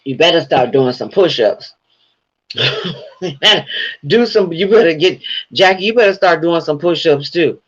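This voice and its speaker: This time the vlogger's voice runs higher, expressive and a bit bright, unhurried with frequent pauses. He rambles through profane stories for his viewers, laughing along, in casual commentary captured with a dull lo-fi recording.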